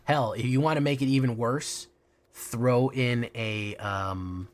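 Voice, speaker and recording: A man with a medium-pitched voice streams a card game and chats casually with his viewers, taking his time. He swears freely and keeps restarting his sentences.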